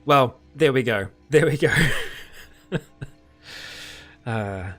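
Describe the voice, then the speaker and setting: A British man hosting a casual live-stream Q&A, chuckling often as he answers chat questions in a relaxed, rambling way. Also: mid-range voice, drawn-out words, faint music behind.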